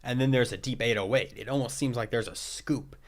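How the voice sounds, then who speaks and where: A man giving casual live-stream feedback on listeners' tracks as a music producer, relaxed and loose, often saying "like" and laughing at himself. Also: medium pitch, a little fast.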